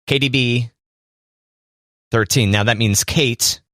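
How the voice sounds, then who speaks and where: A man's voice: medium pitch, takes it slowly, a bit bright, no echo, studio quality. Playful man co-hosting a podcast. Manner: playful, addresses listeners directly. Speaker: podcast co-host. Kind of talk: casual chat. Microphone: studio microphone.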